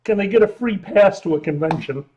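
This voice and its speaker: A tipsy man co-hosting a drinking livestream, loud and excitable and swearing freely. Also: high-pitched, brisk, a little hiss or hum, low-quality recording. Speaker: livestream co-host. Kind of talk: casual drinking livestream chat.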